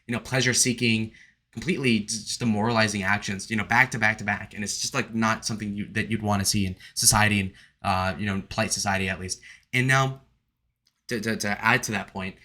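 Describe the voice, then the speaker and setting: A young man with a low-pitched but bright, forceful voice delivers an opinionated solo review. He sounds indignant and rambles, stumbling through restarts and fillers as he makes his points. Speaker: video reviewer.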